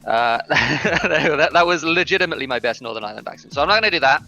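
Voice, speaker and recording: A male esports commentator with a gravelly edge and a sharp, bright tone. He calls a live online racing event haltingly, full of fillers and restarts. His pitch sits in the ordinary middle range. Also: expressive, soft background music.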